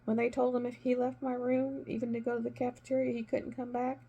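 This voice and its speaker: A middle-aged woman and former nurse chatting casually while she crafts, retelling conversations with emphatic, animated delivery. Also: on the high side, brisk, breathy edge, dull audio.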